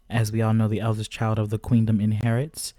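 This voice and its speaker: A man's voice: lowish voice, little pitch movement, normal speed, mellow, no echo. A man hosting casual gameplay commentary, chatty and talking straight to his viewers. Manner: chatty, keeps addressing viewers as "guys". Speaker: gaming channel host.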